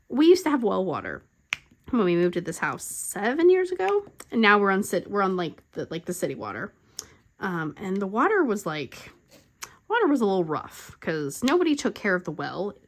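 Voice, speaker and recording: A woman's voice: mid-range voice, huge pitch swings, normal speed. A middle-aged woman hosting a crafting channel, telling stories in casual chat, rambling with lots of "like" fillers and frequent laughs. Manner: chatty, rambling, full of "like" fillers.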